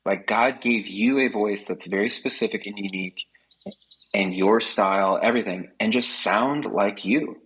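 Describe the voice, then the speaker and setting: Earnest man with a low husky voice. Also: normal speed, fairly bright tone, rough recording. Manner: earnest, passionate, many fillers. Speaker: podcast guest. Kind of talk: casual podcast conversation.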